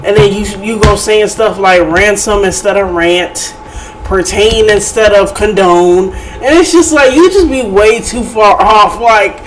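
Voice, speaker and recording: A man's voice: sits high, unhurried, slight background noise, poor audio. A man hosting a reaction channel, talking in a casual, incredulous and mocking way, full of slang.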